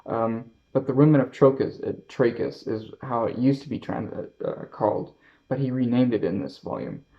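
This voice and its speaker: Canadian male book vlogger, mid pitch, rambling and self-correcting, slightly dull audio. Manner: halting, many fillers and self-corrections. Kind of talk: casual book haul talk.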